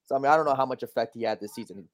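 A man on a sports debate panel, talking in an excitable, emphatic way. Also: mid-range voice, rapid-fire. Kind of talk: casual debate chat.

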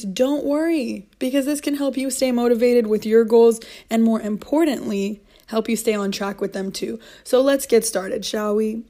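A woman's voice: mid-range voice, warm tone. Earnest young woman podcast host. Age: young adult. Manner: earnest, encouraging, repeats key points. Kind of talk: motivational podcast talk.

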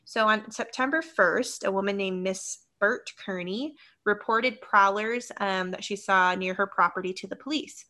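A woman co-hosts a casual podcast and walks through a local legend from her notes. Her voice is bright and clear, and she laughs easily between facts. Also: mid-range voice, moderate pace, hardly any pauses. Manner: giggly, lively storyteller who laughs often. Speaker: podcast co-host.

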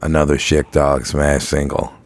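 A man's voice: extremely low pitch, fairly even intonation, normal speed, vocal fry. A man co-hosting a podcast in loose, profane, joking casual chat. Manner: loose, profane, laughing banter. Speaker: podcast co-host.

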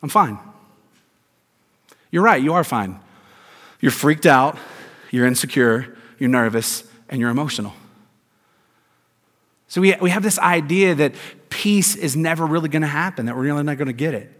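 Male pastor, slightly high voice, emphatic sermon delivery with rhetorical questions, long hall reverb. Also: moderate pace, long pauses, fairly bright tone.

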